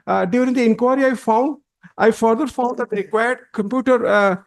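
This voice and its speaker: A man arguing a case before a judge, halting and deferential, with many restarts and repeated "my lords.". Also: very high voice. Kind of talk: courtroom argument.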